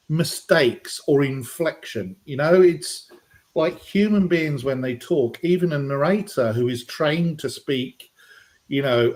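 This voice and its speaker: Chatty British man hosting a livestream. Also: fairly high pitch. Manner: chatty, rambling, lots of ums and uhs. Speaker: livestream host. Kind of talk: casual live-stream chat.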